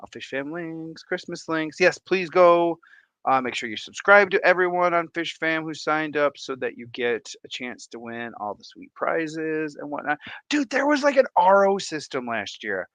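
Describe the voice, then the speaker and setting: A man hosting a casual livestream, excitedly reacting aloud to viewer comments. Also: a little high, moderate pace, dry recording. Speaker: livestream host.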